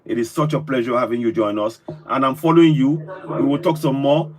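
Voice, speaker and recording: A man's voice: medium pitch, brisk, crowd noise. A man hosting a live call-in stream, effusive and full of repeated thanks. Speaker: host.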